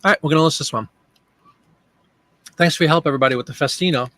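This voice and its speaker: A man's voice: fairly high pitch, fast, pushed and bright, a little hiss or hum. A man hosting a casual live stream, thinking aloud as he works and chatting with viewers by name. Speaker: live-stream host and online seller.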